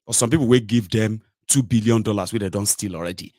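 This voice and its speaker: A man's voice: lowish voice, fast, mellow, dry recording, clean studio sound. A man with a Nigerian accent hosting a sarcastic, opinionated political monologue. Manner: sarcastic, mocking, rhetorical. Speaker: political commentary host.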